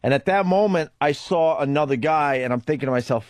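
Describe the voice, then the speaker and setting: A man's voice: fairly high pitch, fairly quick, few pauses, darkish tone, no room sound. Radio host guy rambling through a story, swears a lot, dead dry studio mic. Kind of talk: casual radio talk. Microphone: studio microphone.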